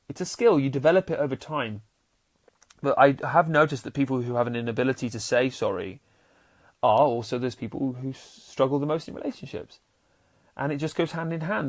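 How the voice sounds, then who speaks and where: A man hosting a casual motivational podcast as a happiness coach. He talks earnestly and restarts often, swinging between loud bursts and soft, sincere stretches. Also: medium pitch. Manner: swears casually and addresses listeners as warriors.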